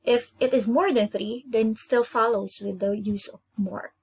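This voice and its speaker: A woman with an Indonesian accent teaching an English grammar lesson, explaining rules patiently and repeating each example slowly. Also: a little high, fairly even intonation, breathy edge.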